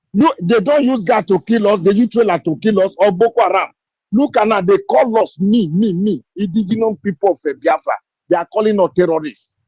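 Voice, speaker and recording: A man's voice: high-pitched, a little mellow, dry recording. A man with a Nigerian English accent gives an impassioned speech on an online call, piling up repeated rhetorical questions. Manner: repetitive rhetorical questions, fiery. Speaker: participant in an online discussion. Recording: dull lo-fi online call audio.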